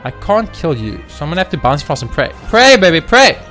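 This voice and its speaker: A man's voice: a little high, fast talker, faint music behind. A man hosting a let's play video, commenting casually on his game, cheering, swearing and talking to the enemies. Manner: excitable, swears, talks to the game. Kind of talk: gaming commentary.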